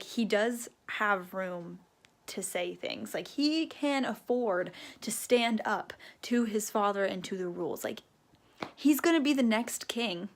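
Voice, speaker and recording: A young woman vlogging her reactions to a book series, talking dramatically and gushing or ranting in casual chat. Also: mid-range voice. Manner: animated and dramatic, gushing and ranting about characters. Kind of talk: casual reading-reaction vlog.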